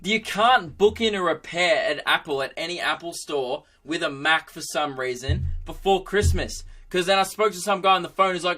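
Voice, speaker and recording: Bright-voiced Aussie comedian ranting. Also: male voice, on the high side, moderate pace, few pauses. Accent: Australian. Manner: rambling, swearing, self-mocking. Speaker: comedian podcast host. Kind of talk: comedic monologue.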